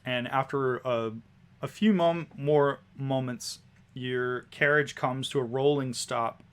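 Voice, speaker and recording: A man runs a tabletop game as its game master. He sets each scene in a medium voice and talks at an unhurried pace. He sometimes trips over a word and restarts. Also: medium pitch, clean tone. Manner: relaxed scene description with small restarts.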